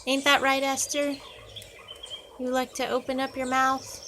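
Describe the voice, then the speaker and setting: A woman's voice: sits high, completely flat delivery, measured pace, sharp tone, a little hiss or hum. A woman filming her pet birds at home, cooing to them in sing-song baby talk. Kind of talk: casual home video, talking to pet birds.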